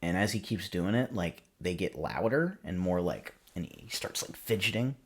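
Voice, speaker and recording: A man with a low, deep voice recaps a film for his podcast in a loose, casual ramble. He keeps circling back and restarting as he goes. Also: expressive, normal speed, slightly rough. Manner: rambling, filler-heavy retelling with restarts. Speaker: podcast host.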